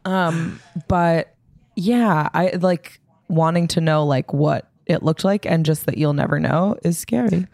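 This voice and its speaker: Woman, podcast co-host, casual rambling chat, low, gravelly, dry sound. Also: measured pace, darkish tone, no echo. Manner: rambling, laughs while telling stories.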